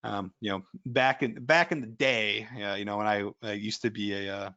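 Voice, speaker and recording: A man's voice: lowish voice, steady tone, moderate pace, sharp tone, lo-fi sound. A man giving a casual webinar presentation as an ethical hacker, rambling through anecdotes with lots of fillers.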